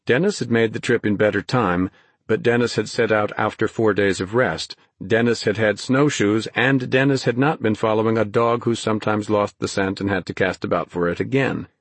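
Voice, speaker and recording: Male audiobook narrator, husky, low, steady telling, dry booth sound. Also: no room sound. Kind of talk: scripted narration.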